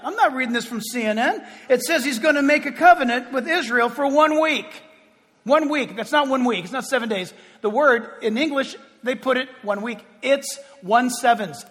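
A man preaching a sermon, emphatic, swinging from loud declarations to hushed, quiet passages. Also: extremely high pitch. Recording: long hall reverb.

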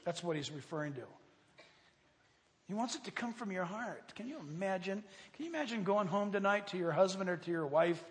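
A man delivers a sermon from the pulpit in a strikingly high voice. He is animated, and his delivery climbs toward near shouts and breaks into laughter as he makes his points. His voice carries a long reverb, as if he is in a large hall. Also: brisk. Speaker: pastor.

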